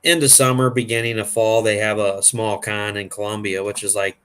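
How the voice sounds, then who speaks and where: A man's voice: fairly low pitch, flat delivery, moderate pace, a bit bright, clear, resonant tone. A man hosting a casual chat, telling long rambling convention stories full of fillers. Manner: rambling storyteller, acts out quoted voices. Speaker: host.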